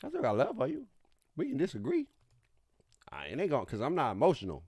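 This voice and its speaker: A man's voice: medium pitch, huge pitch swings, fast talker, darkish tone, husky, no room sound. A man hosting a gaming livestream, chatting casually in a laid-back, slangy way, repeating himself as he talks to his viewers. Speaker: streamer host.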